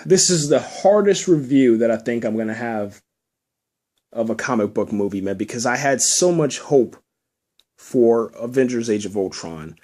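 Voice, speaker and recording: A man's voice: mid-range voice, animated, a little slow, darkish tone. A man hosting a solo podcast, giving an emphatic spoken movie review and repeating himself when he gets worked up. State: emotional. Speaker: podcast host.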